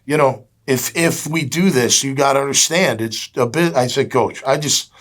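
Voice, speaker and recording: A man's voice: mid-range voice, moderate pace, fairly bright tone. Chatty middle-aged man telling stories. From Jacksonville, Florida. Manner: chatty, acts out quoted dialogue, many "you know" fillers. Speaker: guest, former pro football player. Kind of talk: casual storytelling interview.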